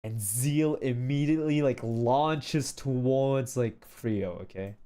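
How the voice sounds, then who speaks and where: A man streaming casually, telling a story with animated shouted sound effects and frequent filler check-ins. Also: medium pitch, slow pace.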